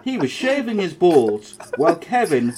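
Male podcast co-host, chatty and joking, lots of "like", animated pitch, faint hiss. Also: moderate pace. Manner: chatty, joking, filler-heavy. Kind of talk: casual banter.

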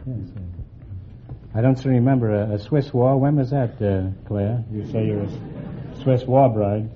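A man hosting a radio quiz show, teasing his contestants with quick quips and a habit of tacking "huh?" onto his jokes. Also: fairly low pitch, fairly even intonation, a little hiss or hum. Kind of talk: wisecracking quiz show banter. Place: radio studio before a live audience. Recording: dull old broadcast with loud audience.

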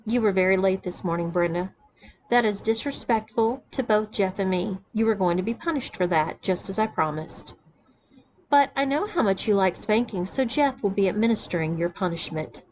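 A woman's voice: mid-range voice, expressive, a little mellow, a little hiss or hum, lightly acted, poor audio. Woman reading as a stern dominant wife. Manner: stern, measured orders. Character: commanding, mocking dominant wife.

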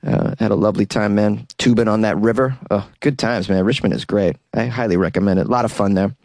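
A man's voice: lowish voice, steady tone, fast, hardly any pauses, darkish tone, dry recording. A man hosting his own comedy podcast, talking solo in a wry, rambling way and laughing at his own jokes, recorded in a small closet. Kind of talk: casual solo podcast monologue.

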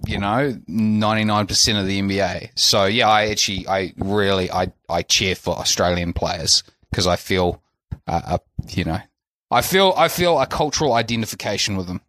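A man's voice: fairly low pitch, moderate pace, a bit bright, no echo, clean studio sound. A man with a New Zealand accent co-hosting a podcast in casual chat, laughing and rambling through restarts. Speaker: podcast co-host.

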